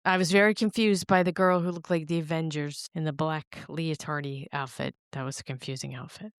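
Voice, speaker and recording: A woman's voice: low-pitched, steady tone, fairly quick, clean tone, no room sound, studio quality. A woman co-hosting a casual podcast chat, sick and congested, chatty and rambling with filler words. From New Jersey. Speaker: co-host.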